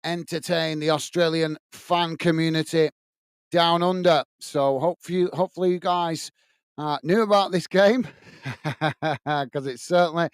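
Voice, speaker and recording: A man's voice: fairly high pitch, steady tone, measured pace, clear, resonant tone, no echo, clean studio sound. A man hosting a football watch-along, chatting to viewers and reading out their messages in a friendly way, calling them mate. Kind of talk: casual live commentary and chat.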